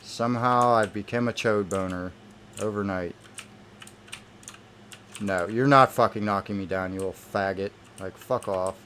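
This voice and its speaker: A man talks over his gameplay in a fairly low voice, irritated and swearing nonstop. He speaks into a desk microphone with a faint hiss underneath. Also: unhurried, long pauses, a bit bright. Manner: irritated, heavily profane ranting. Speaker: gamer. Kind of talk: gameplay commentary.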